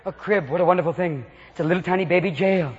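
A man doing a stand-up comedy routine in front of a live audience, talking manically and jumping into silly voices and shouts. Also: sits high, quick pace, highs cut off. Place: large live venue before an audience. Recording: echoey live hall with loud crowd noise. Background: audience laughter and crowd noise.

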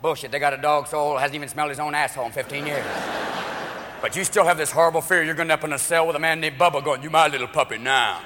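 High-pitched guy doing stand-up, fast and animated, big echoey hall with a crowd. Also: noisy background. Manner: rapid-fire, animated, jumps into voices. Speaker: stand-up comedian. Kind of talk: stand-up comedy routine. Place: live comedy venue with audience. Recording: live club mic, echoing hall, crowd.

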